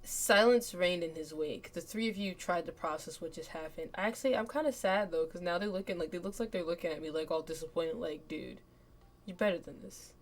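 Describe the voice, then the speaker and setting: A young adult woman streamer reading game text aloud and breaking off into chatty, excitable asides. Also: lowish voice, a little fast, hardly any pauses. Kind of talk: let's play game commentary.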